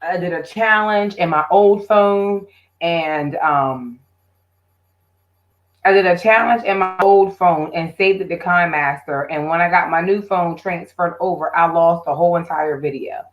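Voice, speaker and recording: A woman's voice: on the low side, a little slow, lo-fi sound. A woman hosting her own live stream, chatting casually and directly with her viewers. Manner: chatty, talks straight to viewers.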